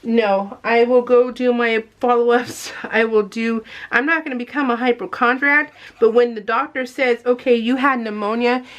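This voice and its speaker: A woman's voice: fairly high pitch, steady tone, normal speed, hardly any pauses, a bit bright. A woman in her forties talking earnestly to her viewers in a rambling, heartfelt way, often calling them "you guys". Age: 40s. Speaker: scrapbooking vlogger. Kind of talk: emotional casual talk to camera.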